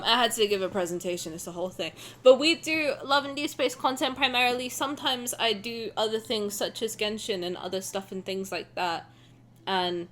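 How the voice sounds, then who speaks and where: During a casual live stream, a woman plays a game and talks with her viewers in a weary, meandering, self-mocking way. Her voice sits on the high side and is a bit bright.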